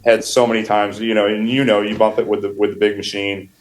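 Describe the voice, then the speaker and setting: Low-voiced man telling shop stories. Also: little pitch movement, quick pace, faint music behind, poor audio. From upstate New York. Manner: rambling storyteller, laughs often, restarts phrases. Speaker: wood flooring contractor guest. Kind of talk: casual podcast conversation.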